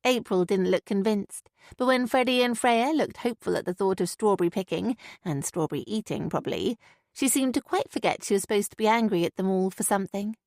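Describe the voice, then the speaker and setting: A woman's voice: mid-range voice, animated, brisk, a little mellow, no echo. Woman narrating an audiobook, dry and close. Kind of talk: scripted narration.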